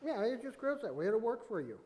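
A man from Colorado answering his teacher in short, relaxed, joking replies during casual classroom chat. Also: extremely high pitch, quick pace, a little hiss or hum.

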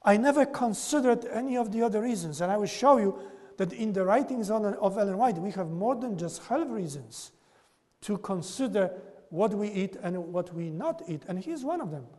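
A man giving a classroom lecture, often checking in with his listeners with a quick "okay?". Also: high-pitched, expressive, mellow, big-room sound. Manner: keeps tagging "okay?" onto points.

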